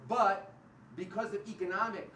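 A man giving a public university lecture, animated and sarcastic, often acting out the voices of the people he quotes. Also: sits high, normal speed, recorded from a distance, a little hiss or hum. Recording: roomy hall picked up from afar.

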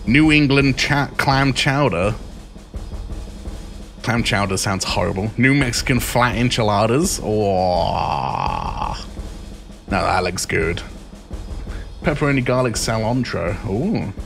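A young man on a live stream whose pitch jumps all over as he reacts, swearing and joking loudly between lines he reads out. His voice sits at an ordinary middle pitch. Faint music plays underneath. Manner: crude, joking, reacts loudly to each item.

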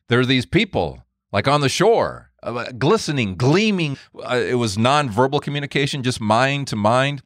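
Animated man telling a story. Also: no echo, clean studio sound. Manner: animated, swings into high pitch for quoted voices. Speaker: podcast host. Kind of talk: storytelling monologue.

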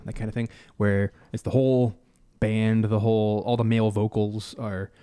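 A man's voice: on the low side, level tone, normal speed, mellow, clear, resonant tone. A man hosting a live stream, casually talking through his composing ideas and humming bits of melody as he goes. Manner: thinks aloud, hums and scats melody ideas.

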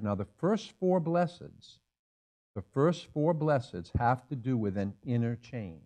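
A man's voice: mid-range voice, expressive, unhurried, mellow. A man in his sixties, a pastor preaching a sermon in a church, emphatic and repeating key phrases for effect. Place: church sanctuary.

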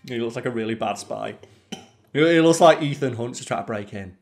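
A man's voice: medium pitch, fairly quick, gravelly, darkish tone. A man co-hosting a let's play, chatting casually and opinionatedly while gaming, with the odd swear.

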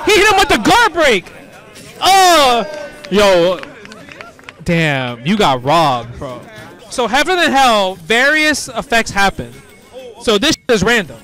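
A man commentating players in excited casual talk, full of slangy hype reactions and sudden shouts. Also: very high-pitched, slow, a faint crowd. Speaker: host commentating pro players.

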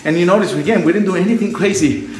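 A man's voice: high-pitched, racing. A man leading a home workout as a fitness instructor, cheering people on and counting reps, out of breath. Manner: energetic, encouraging, counts reps aloud. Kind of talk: live workout coaching. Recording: very echoey room, mic at a distance.

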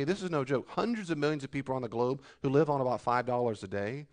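A male pastor preaching a sermon, shifting between loud rebukes and quiet asides, and mocking complainers in whiny voices. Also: mid-range voice, fast talker.

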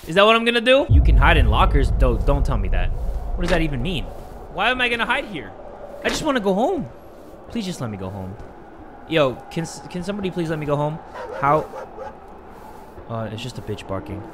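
A young man doing let's-play commentary, excitable and jokey, shouting when scared. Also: fairly high pitch, a little fast, long pauses, noisy background. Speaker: gaming YouTuber. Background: game music.

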